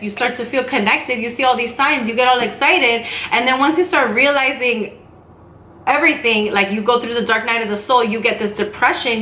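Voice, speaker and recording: A woman vlogger talking casually and rambling to her camera, with quick asides. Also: on the high side, sharp tone, a little hiss or hum. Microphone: camera mic. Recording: echoey room.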